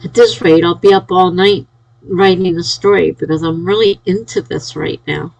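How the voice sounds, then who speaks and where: Sleepy husky-voiced woman streaming. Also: lowish voice, fairly even intonation, normal speed, a little mellow, low-quality recording. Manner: reads and cheers chat messages. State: sleepy, yawning. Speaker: livestreamer. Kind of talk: casual live-stream chat.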